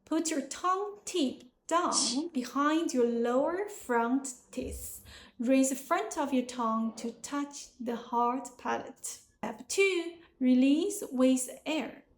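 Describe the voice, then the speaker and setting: A young woman with a Chinese accent, a native Chinese speaker, teaching pronunciation slowly and carefully. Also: high voice, lively intonation, echoey room. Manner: slow, careful, deliberate explanation. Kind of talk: pronunciation lesson.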